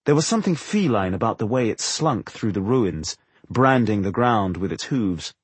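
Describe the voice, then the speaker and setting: A man narrating a fantasy novel as an audiobook, telling it in an expressive way. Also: on the low side, normal speed, husky, no echo. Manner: expressive storytelling.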